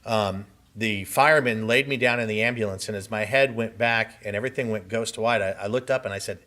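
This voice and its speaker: Guy telling his own story at a conference, earnest and vivid, pretty bright tense tone. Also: lowish voice, fairly quick. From Southern California. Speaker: conference speaker. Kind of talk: personal testimony speech. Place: conference hall.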